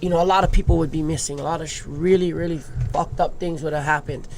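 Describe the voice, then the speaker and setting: A man's voice: fairly high pitch, steady tone, fast talker, vocal fry, slight background noise. A man in his thirties from Hawaii, a surfer guest telling his life story openly and emotionally, swearing casually. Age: 30s. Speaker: guest, big wave surfer. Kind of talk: candid podcast storytelling.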